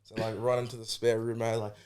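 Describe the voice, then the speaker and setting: A man's voice: fairly low pitch, level tone, fast talker, darkish tone, slight background noise. A young Australian man on a podcast, rambling through stories with plenty of swearing. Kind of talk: casual chat.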